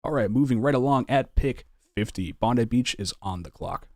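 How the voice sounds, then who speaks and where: A man hosting a live online draft stream, with relaxed, upbeat announcer patter. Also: medium pitch, normal speed, no room sound, studio quality. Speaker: draft host.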